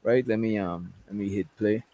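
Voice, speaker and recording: A man's voice: lowish voice, moderate pace, dark tone, no echo. A man doing casual livestream commentary, reading text messages aloud in a rambling way and often checking in with "right?". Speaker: commentary streamer.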